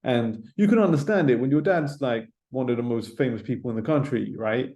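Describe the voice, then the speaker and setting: A man's voice: mid-range voice, a little fast, darkish tone. A British man giving casual boxing commentary, rambling and swearing, with no proper mic. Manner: rambling, swearing, lots of filler tags. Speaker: boxing pundit. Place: room without a proper mic. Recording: roomy echo, no mic.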